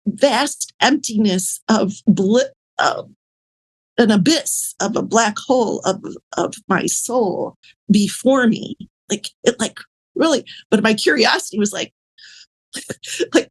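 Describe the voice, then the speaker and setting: A woman, a podcast guest, telling her personal story in a candid, rambling way, full of fillers and soft laughs. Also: a little high, measured pace, breathy edge.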